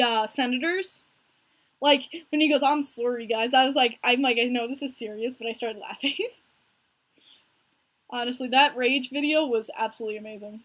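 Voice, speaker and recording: A young American woman hosting a casual hockey podcast stream, talking in an animated, chatty way and answering viewers by name. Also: high-pitched. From United States. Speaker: podcast host streaming live with chat.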